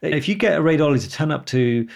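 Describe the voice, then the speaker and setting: Fast-talking man telling stories. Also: a little high, creaky. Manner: animated storyteller, laughs often. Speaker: radiologist. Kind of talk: casual podcast chat.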